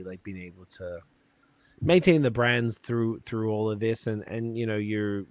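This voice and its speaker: This male podcast host speaks on the low side, rambling loosely through a casual chat packed with profanity and filler words. There's no room sound on the recording.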